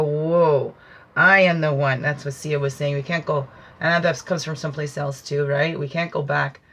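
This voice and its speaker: A woman hosting a spiritual teaching talk, with a bright, clear voice. She muses and wanders between thoughts, stretching out key phrases slowly for emphasis. Her tone is earnest and unhurried. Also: sits low. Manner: meandering, reflective, musing asides. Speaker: host.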